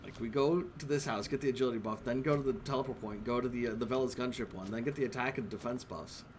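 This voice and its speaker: A man's voice: medium pitch, fast, slight background noise. A man streaming a video game, rambling casually and swearing as he plays. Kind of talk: casual gameplay commentary. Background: game music.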